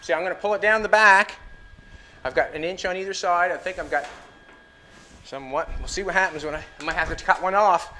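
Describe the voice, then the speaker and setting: A man's voice: high-pitched, fairly quick, sharp tone, a little hiss or hum. A middle-aged man building a car in his garage, rambling and thinking aloud to the camera as he fits and tacks metal. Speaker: car builder and show host. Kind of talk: casual shop talk while working. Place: garage workshop.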